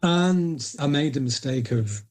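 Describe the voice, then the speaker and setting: A middle-aged man with a Northern English accent, chatting as a guest on a podcast. He tells long, self-mocking anecdotes in a warm, mellow voice. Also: on the high side, animated, unhurried. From Northern England. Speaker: guest, indie publisher. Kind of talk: casual storytelling interview.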